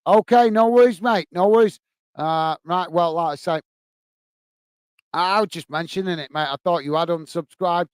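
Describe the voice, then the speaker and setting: A man from the UK hosts a football fan live stream in an easygoing, chatty way. He calls everyone "mate" and fills his pauses with "uh". His voice sits a little high and comes through smooth and clear in a dry, close room. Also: dry recording. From United Kingdom. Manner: chatty, says "mate" a lot, many fillers. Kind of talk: casual live chat reading comments and scores.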